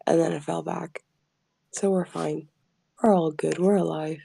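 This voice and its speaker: A woman playing a tabletop game, telling her part with animated, swearing banter. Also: sits low, a little slow, gravelly, noisy background. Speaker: player. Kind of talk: tabletop role-play banter.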